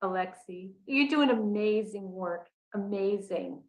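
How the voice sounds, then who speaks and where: A woman hosting a podcast interview, encouraging her guest with warm affirmations. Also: medium pitch, measured pace. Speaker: podcast host. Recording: roomy echo.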